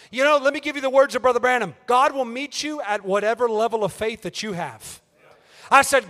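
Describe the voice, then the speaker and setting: A man preaching at a youth meeting, swinging from shouted appeals down to hushed, near-whispered lines. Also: very high voice. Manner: rises to shouted calls, then drops to near-whispers. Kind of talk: fiery sermon. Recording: reverberant church hall.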